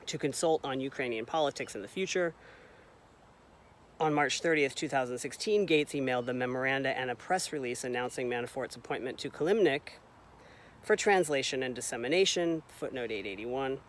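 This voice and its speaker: A man's voice: medium pitch, slight background noise. A man reading a long report aloud in a casual way, reading out the footnote numbers, correcting his own slips and adding wry asides. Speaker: reader of a report.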